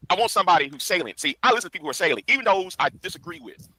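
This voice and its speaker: A man lecturing to camera in a preachy tone, pausing and restarting as he makes his point. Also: high-pitched, animated, sharp tone, low-quality recording. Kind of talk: lecturing video commentary.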